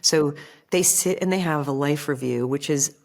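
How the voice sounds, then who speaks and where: Low-voiced woman telling stories animatedly. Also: normal speed, creaky. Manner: animated storyteller who acts out quoted voices, heavy use of "like". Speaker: podcast guest, author. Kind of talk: casual podcast conversation.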